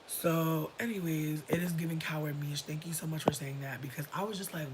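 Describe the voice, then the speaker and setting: A person in their thirties telling a story on a casual livestream, profane and animated, breaking into shouts and laughter. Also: mid-range voice, brisk, heavy background noise. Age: 30s. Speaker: livestream host.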